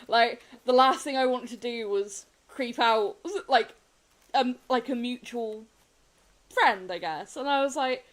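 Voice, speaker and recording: A woman's voice: fairly high pitch, slow, poor audio. A young woman streaming a game and chatting casually with viewers, rambling, laughing often and restarting her sentences. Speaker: gaming streamer. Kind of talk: casual chat while live-streaming a game.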